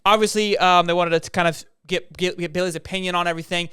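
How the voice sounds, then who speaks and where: A young man chats about college football at a fast clip, his voice high for a man and crisp. He is animated and jokey, laughing often, recorded dry and close. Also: dry recording. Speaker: podcast co-host. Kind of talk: casual sports chat.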